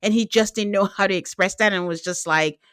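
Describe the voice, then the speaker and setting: A woman's voice: medium pitch, brisk, a bit bright, no echo, clean studio sound. A woman hosting a podcast, chatting casually and animatedly, acting out quotes with laughter. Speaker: podcast host. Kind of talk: casual recap chat.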